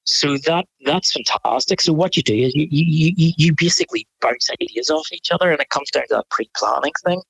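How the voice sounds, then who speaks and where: Northern Irish photographer, husky gravel voice, rambling and animated. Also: male voice, fairly high pitch, fairly quick, few pauses, no room sound, poor audio. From Northern Ireland. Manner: rambling, animated storytelling with frequent restarts. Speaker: photographer guest. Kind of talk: casual interview chat.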